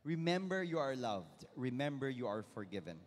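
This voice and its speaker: Lively preacher in an echoey hall. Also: male voice, mid-range voice, moderate pace. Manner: lively, calls on the crowd, mixes in Tagalog. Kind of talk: sermon talk at a festival. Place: large hall or venue.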